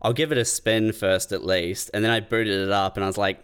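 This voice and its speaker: Smooth low-voiced guy. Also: steady tone, a little fast, a bit bright. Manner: laid-back storyteller, swears casually. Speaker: podcast co-host. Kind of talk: casual comedic chat.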